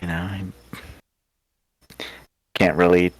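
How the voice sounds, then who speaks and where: A man's voice: low voice, little pitch movement, slow, no echo. A man voicing a reserved former soldier commander who answers shyly and awkwardly in few words.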